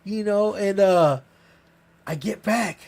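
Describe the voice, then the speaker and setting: A man telling a long, profane story in casual podcast chat, rambling and animated. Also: high-pitched, takes it slowly, gravelly. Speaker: podcast co-host.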